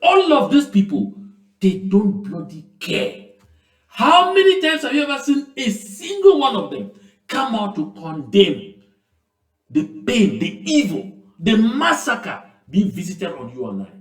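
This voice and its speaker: A man's voice: sits high, huge pitch swings, measured pace, roomy sound, low-quality recording. A man giving impassioned commentary, speaking emphatically and breaking into indignant questions. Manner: emphatic, rising to indignant outbursts.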